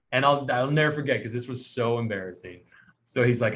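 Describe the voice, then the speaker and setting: A podcast host tells a long, lively story in a casual, friend-to-friend way, voicing the other characters' lines himself. His mid-range pitch wanders up and down, and he speaks a little quickly.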